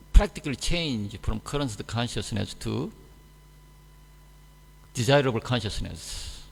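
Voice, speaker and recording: Male class speaker, gravelly voice, plain broken-grammar English, long hall reverb. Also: mid-range voice. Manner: simple, halting non-native English with dropped articles; animated when mimicking others. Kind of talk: scripture class talk. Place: temple hall. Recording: echoey hall.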